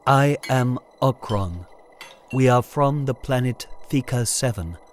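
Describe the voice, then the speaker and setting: A man voicing Okron, a tall alien who speaks for freed slaves, slow and grave. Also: medium pitch, animated, a little hiss or hum.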